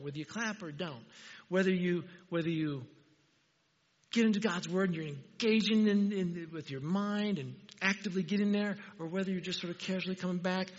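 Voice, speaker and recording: A man preaching a conversational sermon in a church sanctuary, putting questions to the congregation and joking along the way. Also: high-pitched. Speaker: pastor. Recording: dull, reverberant church hall.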